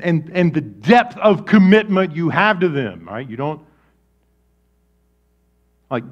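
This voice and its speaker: This muffled recording captures a man preaching as a pastor. He sounds animated and conversational, moving back and forth between loud bursts and soft, low comments.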